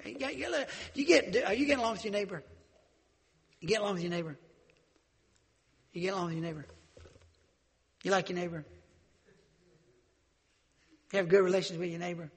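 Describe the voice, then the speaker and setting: Fervent preaching man, gravelly, in a reverberant hall. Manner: fervent preaching, swings from shouts to low asides; acts out Bible characters in quick dialogue. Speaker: pastor. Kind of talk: sermon.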